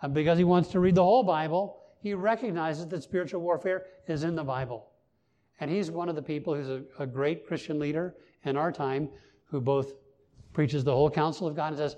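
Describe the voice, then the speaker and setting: A male pastor with a slightly high, dark-toned voice delivers a brisk sermon. His manner is earnest and emphatic, and his voice lifts on the points he wants to stress.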